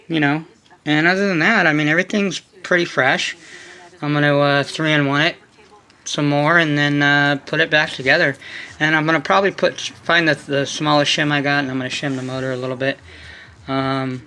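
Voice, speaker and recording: A man's voice: a little high, sharp tone. Rambling man explaining engine work. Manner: rambling, loose, many fillers. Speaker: hobby channel host. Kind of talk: casual workshop explanation.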